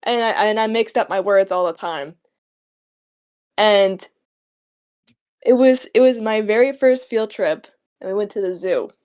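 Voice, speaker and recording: A woman's voice: medium pitch, a little slow, long pauses, a little mellow, smooth. A young woman in casual chat as a podcast co-host, telling rambling stories with frequent laughs. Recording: dull lo-fi sound.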